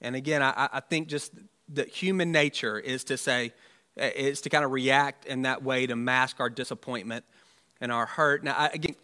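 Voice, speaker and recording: A man's voice: fairly high pitch, sharp tone. A man, a pastor, preaching an Easter sermon in a conversational, musing way with rhetorical asides.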